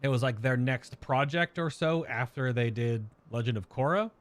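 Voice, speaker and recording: A man's voice: mid-range voice, normal speed. An American man chatting casually while streaming a game, rambling and searching aloud for words. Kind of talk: casual gameplay chat.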